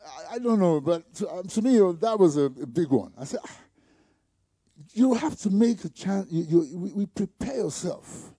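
A man preaching a sermon, calling out to the congregation and building to shouted peaks. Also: high-pitched, animated, moderate pace, husky, dry recording, studio quality. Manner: call-and-response preaching with rising shouts. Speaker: pastor.

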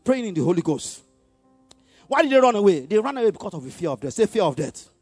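A man preaching a sermon in call-and-response style, having the congregation repeat lines, shifting between loud exhortation and quiet asides with frequent chuckles. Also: high voice, very animated, quick pace, breathy edge, no room sound, soft background music.

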